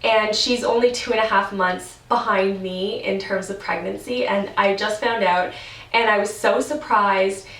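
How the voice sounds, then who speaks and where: A woman's voice: medium pitch, fairly even intonation, measured pace, fairly bright tone. A young woman vlogging in a casual, rambling way, with lots of "like" fillers and frequent laughs. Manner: chatty and rambling, many "like" fillers, laughs often. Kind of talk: casual vlog chat. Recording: roomy, from a distance from the mic.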